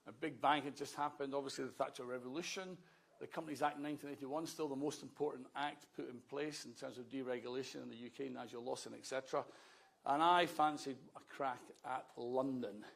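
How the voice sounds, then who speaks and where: Scottish man in his fifties, slightly gravelly, telling life stories to an audience with dry humour. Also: mid-range voice, fairly even intonation, a little fast. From Scotland. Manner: conversational storyteller, wry asides. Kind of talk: public speech, anecdotal.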